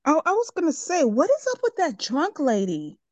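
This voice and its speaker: A woman calling in to a casual chat and talking in an expressive, exclaiming way. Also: high-pitched, moderate pace, no room sound. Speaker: caller.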